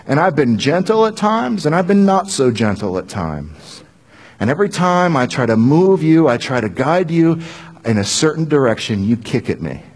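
A man voicing a calm, firm divine male speaker, speaking slowly, low and earnestly. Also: slightly rough, heavily acted. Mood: solemn.

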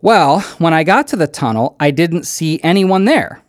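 Animated male preacher telling a story. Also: a little high, moderate pace, no room sound, clean studio sound. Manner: animated storytelling, acts out quoted lines. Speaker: pastor. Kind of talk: sermon with a personal story.

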